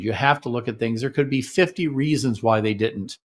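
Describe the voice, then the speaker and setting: A man's voice: medium pitch, fairly quick. A middle-aged man hosting a relationship show, teaching in a conversational way and acting out sample lines between partners. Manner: conversational, acts out sample dialogues. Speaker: relationship therapist and host. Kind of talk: teaching talk to camera.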